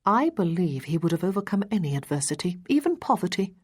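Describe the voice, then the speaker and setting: A woman voicing an earnest, steady Regency lady and mother in an audiobook, speaking in a measured way. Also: lowish voice, breathy edge.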